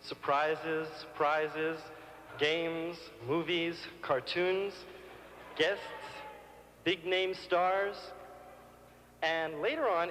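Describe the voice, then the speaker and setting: A man with a high voice performs live before an audience, coaxing them along with a childlike manner. His voice rings out with a long reverb in the hall. Audience noise is clearly heard behind him. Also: steady tone, slow pace, fairly bright tone. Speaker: comedian performing on stage. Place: large concert hall stage.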